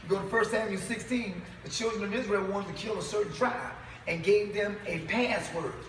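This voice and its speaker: A man's voice: sits high, a little fast, noisy background. A man preaching to a live congregation, emphatic and firing rhetorical questions at the crowd. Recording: echoey hall, far from mic.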